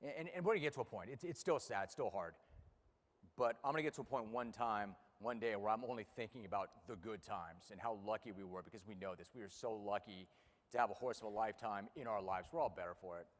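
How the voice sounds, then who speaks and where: A man in his fifties speaking emotionally to an audience about losing his racehorse, halting and repeating words when upset. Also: fairly low pitch, big-room sound. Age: 50s. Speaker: racehorse owner and radio host. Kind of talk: emotional personal speech to an audience. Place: room with a live audience.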